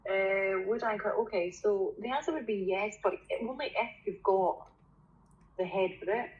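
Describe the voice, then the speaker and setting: A woman's voice: medium pitch, normal speed. A woman with a Scottish accent, a guest in a casual interview, talking bluntly and swearing freely. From Scotland. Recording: dull lo-fi sound with faint noise.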